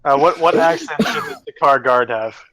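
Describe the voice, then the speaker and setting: A man narrating as game master of a tabletop game over a video call, casual with quick asides. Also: mid-range voice, fairly bright tone, no room sound, rough recording.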